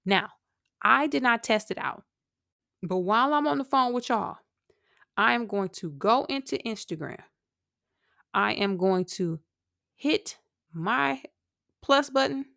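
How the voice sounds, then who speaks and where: A woman hosting a podcast and chatting through the news in a casual, animated way, with asides to her listeners. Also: on the high side, slow, vocal fry, long pauses, no echo, studio quality. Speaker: podcast host. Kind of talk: casual commentary monologue.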